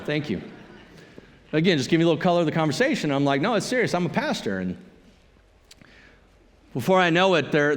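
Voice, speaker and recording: A man preaching a sermon as a pastor, telling a story in a conversational, animated way. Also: fairly high pitch, big-room sound. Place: church sanctuary.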